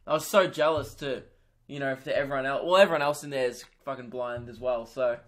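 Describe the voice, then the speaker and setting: A young man hosting a comedy podcast, telling a crude, self-mocking story in an animated stand-up style. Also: medium pitch, brisk.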